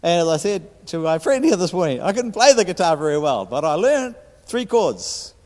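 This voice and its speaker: A New Zealand man in his fifties preaches a sermon in a high, lifted voice. He repeats and restarts his words, rising loud and then dropping to a hush. His voice rings out through a big echoey hall. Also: very animated, normal speed. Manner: repetitive restarts, swings from loud to hushed. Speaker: guest preacher.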